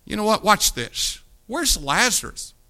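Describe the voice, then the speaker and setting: A man pastor preaching a sermon, animated, with sudden loud rises and soft drops, acting out voices in his stories. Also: sits high, measured pace.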